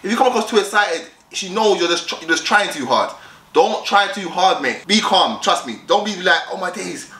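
Bright-voiced young man, echoey room. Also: high-pitched, animated, moderate pace. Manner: direct, repetitive, acts out both sides of chats. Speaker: vlogger giving dating tips. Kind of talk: casual advice vlog.

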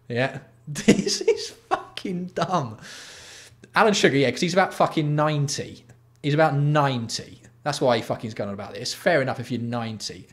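A man hosting a live stream, ranting and swearing in exasperation while reacting to products. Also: medium pitch. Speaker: livestream host. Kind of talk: casual live-stream commentary.

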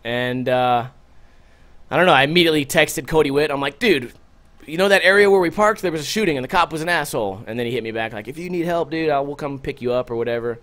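Animated, profane male podcast host. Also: a little high, quick pace. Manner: animated, profane storytelling with acted-out quotes. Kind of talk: casual storytelling podcast.

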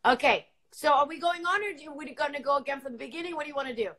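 High-voiced woman hosting a live dance chat. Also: rapid-fire, fairly bright tone. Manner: chatty, reads viewer comments aloud. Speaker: host. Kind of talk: casual live-chat banter. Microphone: video call.

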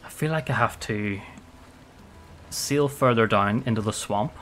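Soft music plays behind a man whose lowish, unhurried voice carries his casual survival-game commentary. He mutters to himself, swears heavily, and gets jumpy and excited when things go badly.

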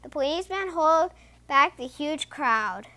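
Woman reading aloud, children's story, slow, bright, expressive. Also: high voice. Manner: expressive, sing-song storytelling. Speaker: children's book reader. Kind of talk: reading a picture book aloud.

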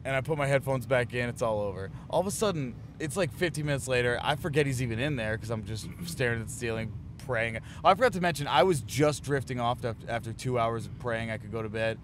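A man's voice: medium pitch, quick pace, hardly any pauses, background noise. A man from a touring band's crew telling a rambling, profane road story in a casual chat inside a moving van. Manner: rambling, profane, self-mocking. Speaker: touring band crew member.

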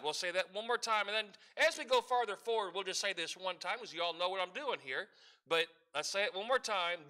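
Pastor guy preaching, high bright voice, leads the church in call and response. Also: expressive, fairly quick. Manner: leads the congregation in call-and-response, reads scripture aloud. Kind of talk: sermon.

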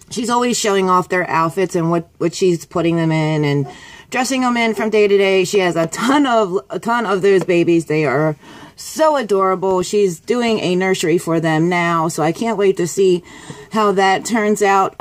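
A woman vlogger chatting excitedly and gushing as she opens friend mail. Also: lowish voice. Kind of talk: casual unboxing chat.

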